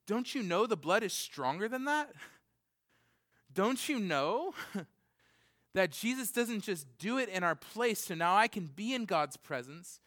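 Slowly, a preacher in his thirties delivers his sermon with animation, shifting between loud, excited questions and quiet, low-voiced scripture, laughing frequently.

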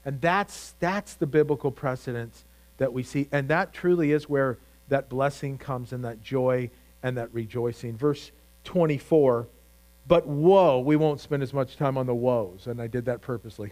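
A man's voice: medium pitch, moderate pace, darkish tone, poor audio. A man preaching a sermon as pastor, talking conversationally with frequent restarts and rising emphasis.

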